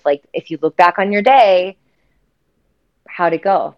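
A woman's voice: lowish voice, moderate pace, highs cut off. A woman author talking earnestly in a podcast interview, with lots of "you know" and "um" fillers. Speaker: author guest. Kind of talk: reflective podcast conversation.

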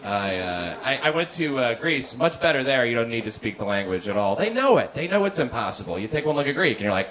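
A man doing a stand-up routine in a comedy club, deadpan and halting, stammering over his restarts. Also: medium pitch, noisy background. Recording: live club recording with audience laughter. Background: audience laughter.

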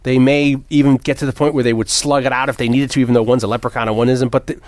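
A man's voice: mid-range voice, level tone, quick pace, a little mellow, dry recording. A man co-hosting a casual movie chat, rambling and profane, with many restarts. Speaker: podcast co-host.

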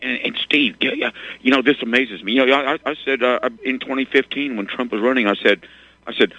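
A man of middling pitch co-hosting a political radio chat, stumbling over repeated words in an exasperated, rambling way. His voice comes through a dull, lo-fi line with a dry, close sound. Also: fairly even intonation, a little fast, pushed and bright, no echo. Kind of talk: casual political talk radio.

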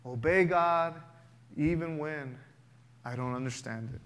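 A man's voice: mid-range voice, fairly even intonation, unhurried. A man preaching a sermon to his church, building emphasis in waves and acting out prayers and everyday objections. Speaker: pastor.

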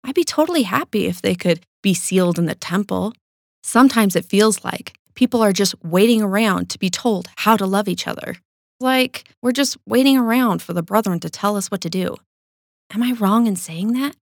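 A woman's voice: medium pitch, moderate pace, gravelly, no echo, studio quality, close to an everyday voice. A woman narrator voicing an earnest young man who talks through his questions openly.

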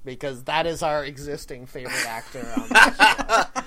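A woman co-hosting a podcast in casual chat, animated and quick to laugh, talking over the others. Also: a bass voice, crowd noise. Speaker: podcast co-host.

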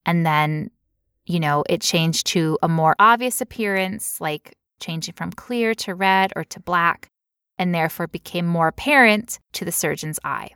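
A woman co-hosting a casual health podcast, explaining medical ideas clearly with playful asides and frequent laughter. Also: on the low side, unhurried, a bit bright, no room sound, studio quality. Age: adult past teen years. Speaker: podcast co-host.

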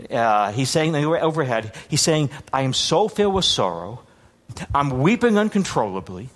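A man preaching a sermon as pastor, teaching with many restarts and repeated words. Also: fairly high pitch. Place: congregation hall with overhead projector.

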